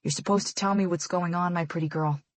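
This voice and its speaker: A woman voicing a protective, loving middle-aged father who speaks gently but firmly. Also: on the low side, steady tone, fast, no echo, natural voice.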